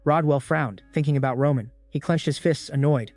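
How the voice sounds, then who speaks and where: A man's voice: on the high side, fairly quick, a little mellow, no room sound. Man met vrij hoge stem vertelt een verhaal. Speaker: recap narrator. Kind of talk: scripted narration.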